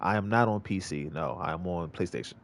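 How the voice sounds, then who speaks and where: A man's voice: deep voice, brisk, gravelly, slight background noise. A male streamer giving casual gameplay commentary, rambling and repeating himself with many restarts. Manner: rambling, repetitive, lots of restarts.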